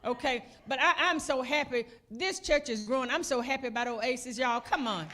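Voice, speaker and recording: A woman's voice: sits high, moderate pace, bright, forceful tone. A woman joking and chatting on a church stage as she introduces her daughter. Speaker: mother introducing the speaker.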